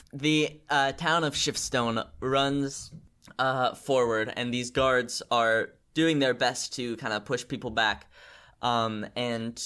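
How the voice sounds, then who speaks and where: A man narrating as game master of a tabletop game, halting often with fillers and restarts as he describes the scene. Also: medium pitch, bright, forceful tone, clean tone.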